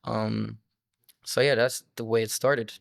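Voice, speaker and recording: A man's voice: fairly low pitch, steady tone, a little slow, vocal fry, no echo, studio quality. A young man in his twenties, a musician from France whose first language is French, telling stories in a loose, rambling interview chat full of fillers. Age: 20s. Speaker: musician guest.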